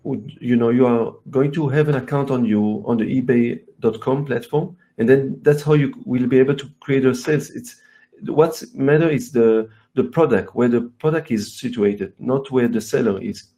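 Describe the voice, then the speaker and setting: Belgian guy on a webinar, mellow low tone, earnest, lots of ums and repeats. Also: normal speed. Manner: earnest, repetitive, many fillers. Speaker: guest expert. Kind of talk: webinar talk.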